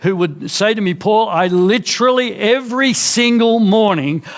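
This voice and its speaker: Earnest Australian man preaching. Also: moderate pace. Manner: earnest, with frequent restarts and drops in pitch. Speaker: pastor. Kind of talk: sermon. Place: church.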